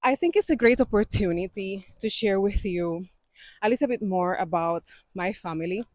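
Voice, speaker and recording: Breathy Cuban woman vlogging on a trail. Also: mid-range voice, normal speed, darkish tone, no echo. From Cuba. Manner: chatty, laughs often, non-native phrasing. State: out of breath from climbing. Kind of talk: casual walking vlog. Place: mountain trail outdoors.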